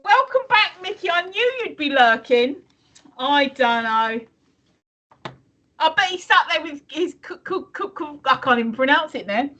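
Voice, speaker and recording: A woman's voice: sits high, lively intonation, normal speed, fairly bright tone. A woman co-hosting a live stream in casual, teasing chat, swearing freely. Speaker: stream co-host.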